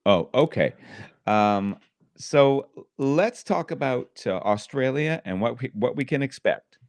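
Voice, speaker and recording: A man's voice: mid-range voice, animated, slow, dry recording. A man co-hosting a podcast in casual chat, with dry, teasing banter. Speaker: podcast co-host.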